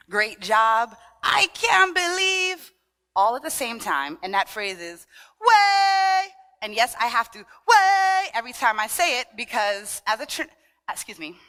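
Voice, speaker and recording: A bright, forceful woman with a sing-song Trinidadian-tinged New York lilt, playfully working a conference crowd. Her voice rings through a large hall with long reverb from the PA. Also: a little high. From Brooklyn, of Trinidadian family. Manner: sing-song, animated, playful, leads call-and-response. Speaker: dance workshop leader. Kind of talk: lively talk to a conference audience.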